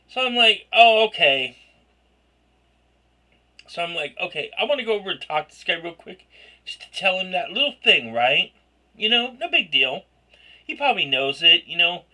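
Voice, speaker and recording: Man, very high bright voice, slow rambling vlog rant, excitable outbursts. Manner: excitable, rambling, bursts into shouts and laughter. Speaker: vlogger.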